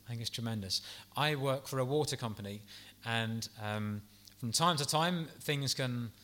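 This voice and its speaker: A man delivers a sermon with a bright, forceful tone. He speaks gently and earnestly, pastoral in manner, and stops now and then to restart a phrase. His pitch sits in an ordinary middle range for a man. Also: moderate pace. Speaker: preacher.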